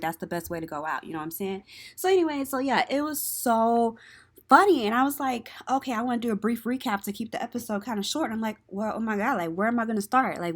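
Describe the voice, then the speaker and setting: A young woman hosts a casual talk show. She tells stories in a chatty, animated way and laughs easily. Her voice sits at an ordinary pitch for a woman. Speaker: podcast host. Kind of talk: casual chat and show recap.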